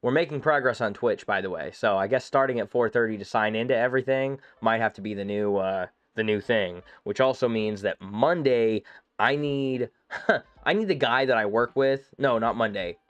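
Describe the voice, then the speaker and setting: A man's voice: lowish voice, no room sound, lo-fi sound, faint music behind. Rambling male game streamer. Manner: rambling storyteller, quick asides. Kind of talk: casual live-stream chat.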